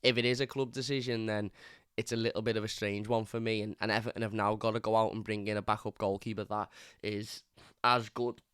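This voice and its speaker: A man's voice: lowish voice, flat delivery, a little fast, a bit bright, clear, resonant tone, no room sound, clean studio sound. A man hosting a fan channel, giving casual, opinionated football talk in a conversational way, often repeating words as he thinks.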